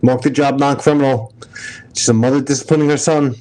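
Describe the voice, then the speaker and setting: A man's voice: medium pitch, fairly even intonation, brisk, a little mellow. A middle-aged man with a New York accent, a retired police officer hosting a casual stream, telling blunt, profane stories and acting out the dialogue. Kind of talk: casual live-stream chat.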